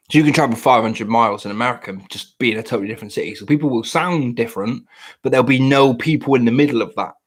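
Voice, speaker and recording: A young English man in casual podcast chat, blunt, profane and rambling. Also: mid-range voice. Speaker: podcast host.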